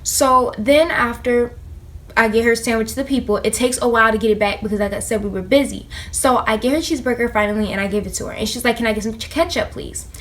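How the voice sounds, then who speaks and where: A young woman vlogger in casual storytime chat, animated and slangy as she talks straight to her viewers. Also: a little high, fast talker. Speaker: vlogger telling a work story.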